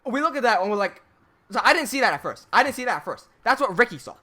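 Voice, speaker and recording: Excitable guy telling a wild story, bright sharp voice, swears a lot. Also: extremely high pitch, fast talker. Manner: excitable, heavy swearing, trails off quietly. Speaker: filmmaker and channel host. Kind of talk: animated storytelling.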